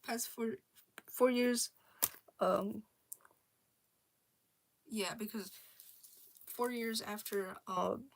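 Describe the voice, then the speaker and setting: A young woman casually rambling about her original characters, with many fillers, restarts and giggles. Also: medium pitch. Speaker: storyteller.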